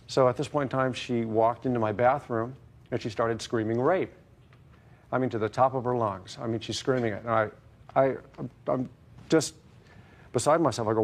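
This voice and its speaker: Guy telling his side to the judge, halting and wordy, ordinary mid voice. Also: medium pitch, fairly even intonation. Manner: hesitant, wordy, repeats stock phrases. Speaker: litigant in a courtroom show. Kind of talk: courtroom testimony.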